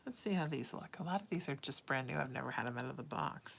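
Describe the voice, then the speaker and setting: A woman, a psychic medium, chatting casually on a home livestream, doting and often dropping to a hushed murmur. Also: very deep voice, expressive, fast, vocal fry, slight background noise. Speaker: psychic medium hosting a live reading stream. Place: at home with her cat.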